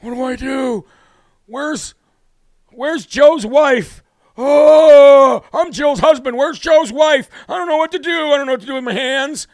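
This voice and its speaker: A man's voice: very high voice, measured pace, darkish tone, dry recording, studio quality, pitched above the performer's own voice. A man mocking a confused, frail elderly male president in a whiny, bewildered mumble.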